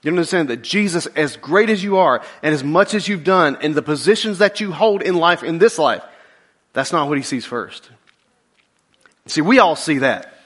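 A male pastor preaching with a lilt and a bright, ringing tone. His pitch swings widely as he jokes with the congregation, then sinks low and slow to drive home a point. The delivery is animated throughout. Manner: drops to a low, slow intensity for key points. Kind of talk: sermon.

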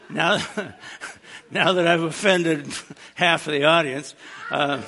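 A man preaching in a relaxed, conversational way, with a fairly high voice that is gravelly and bright. He keeps his teaching plainspoken and slips in dry, joking asides. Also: a little slow. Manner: casual and plainspoken with wry humorous asides. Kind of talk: conversational sermon.

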